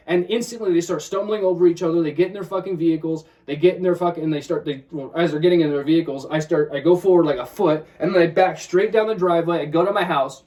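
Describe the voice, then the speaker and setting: Fast-talking, high-voiced man telling a story. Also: far from the mic. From Washington State, US. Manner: fast, profane, animated retelling with quoted inner thoughts. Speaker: vlogger. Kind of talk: casual storytelling.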